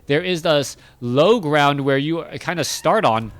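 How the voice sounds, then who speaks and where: A man casts a strategy match on his own, talking through every move in a chatty, self-correcting way. His voice sits fairly high for a man. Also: unhurried, dry recording. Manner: chatty, self-correcting, rising excitement in big moments. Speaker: esports caster. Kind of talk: solo play-by-play game commentary.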